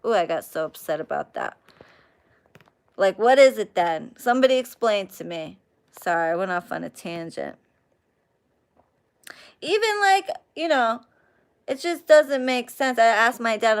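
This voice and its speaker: Profane, animated woman ranting. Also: mid-range voice, measured pace, clear, resonant tone. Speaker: live stream host chatting with viewers. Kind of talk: casual live chat.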